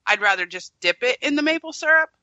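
A woman from the northern United States near Canada, chatting on a podcast. Her voice is sharp and forceful, and she speaks emphatically, with some swearing. Her audio is dull and lo-fi, with a dry sound. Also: high-pitched, animated, fast talker, no echo. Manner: emphatic, swears, laughs often. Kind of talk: casual chat.

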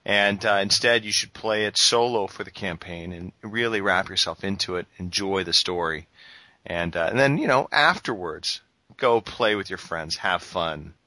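A man with a low but sharp, forceful voice hosts a casual gaming podcast and rambles through plenty of fillers. He sounds close and dry. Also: normal speed, no echo. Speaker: podcast host.

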